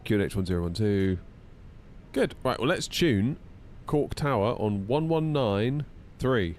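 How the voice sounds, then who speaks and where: Chatty low-voiced man streaming. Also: animated, measured pace, darkish tone, slight background noise. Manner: chatty, rambling, jumps up in pitch when exasperated. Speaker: flight sim streamer. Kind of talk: casual live-stream chat.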